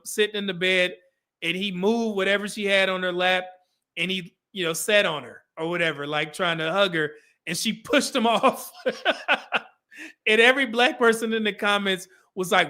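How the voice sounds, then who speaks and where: A man's voice: high-pitched, moderate pace. A middle-aged man hosting a casual livestream, telling stories with frequent laughter and acting out quoted lines. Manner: animated storyteller, acts out quoted lines. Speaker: podcast host.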